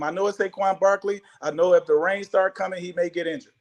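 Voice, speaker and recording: A man makes emphatic arguments in casual sports talk, leaning on numbers and repeating his point. His voice sits slightly high. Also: steady tone, a little fast, hardly any pauses.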